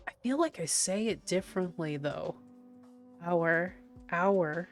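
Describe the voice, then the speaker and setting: Brief: woman art streamer, faint Prince Edward Island accent, low voice, unhurried chatty delivery, soft music behind. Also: big pitch swings. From Prince Edward Island, Canada. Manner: chatty, playful, repeats words to test pronunciation. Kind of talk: casual chat with stream chat.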